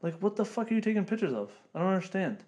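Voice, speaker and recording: Profane ranting young man, slightly high. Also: big pitch swings, rapid-fire, a little mellow, dull audio. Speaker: podcast host. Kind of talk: casual chat.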